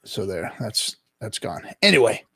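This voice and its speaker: A man hosting a casual live-stream chat show, talking in a rambling, halting way with many restarts. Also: lowish voice, very animated, a bit bright, husky, no echo. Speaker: podcast host.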